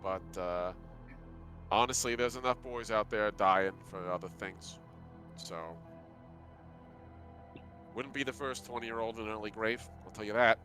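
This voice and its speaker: A man voicing a weary young male bartender who talks in a low, resigned, offhand way in a tabletop game. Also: measured pace, long pauses, pushed and bright, soft background music.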